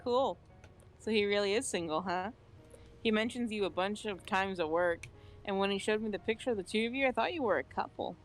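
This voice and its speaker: A woman's voice: mid-range voice, a little fast, faint music behind, lightly acted. A woman reading the lines of a cheerful, curious young woman from a visual novel in a chatty, teasing way.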